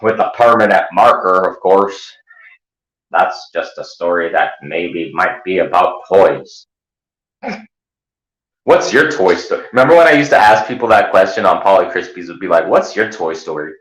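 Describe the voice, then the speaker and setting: A male host chatting casually, rambling and animated, slipping into loud mocking voices. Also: low-pitched, moderate pace, reverberant, low-quality recording. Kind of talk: casual chat.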